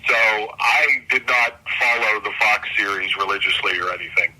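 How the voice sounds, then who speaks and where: A man's voice: on the low side, moderate pace, sharp tone, slightly rough, poor audio. An older man, a comic artist guest, talking casually and enthusiastically in an interview, often restarting his sentences. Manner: rambling, self-correcting, enthusiastic.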